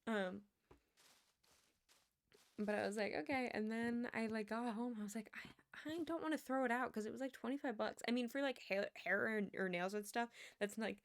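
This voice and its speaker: A chatty young woman talking to her live stream viewers in a high-pitched voice. She rambles through her story, often laughing and padding her talk with "like". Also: normal speed.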